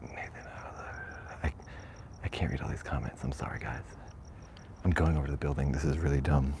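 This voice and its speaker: Jittery, very low-voiced man whispering. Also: steady tone, quick pace, creaky, background noise. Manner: jittery, half-whispering, rambling. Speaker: vlogger. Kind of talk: nervous live-streamed night walk. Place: cemetery outdoors at night. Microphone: shirt lapel mic.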